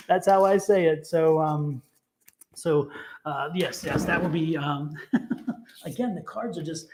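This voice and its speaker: A man's voice: fairly high pitch, slow, long pauses, a little mellow, slight background noise. A man doing a livestream tarot reading, talking enthusiastically in a rambling way and laughing often. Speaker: tarot reader.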